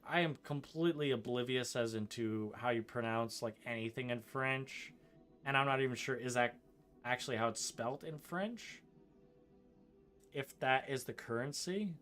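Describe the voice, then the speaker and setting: A man's voice: medium pitch, fairly bright tone. A young man from Canada chatting casually over gameplay, answering chat in a rambling way with lots of likes and ums and frequent chuckles. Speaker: streamer.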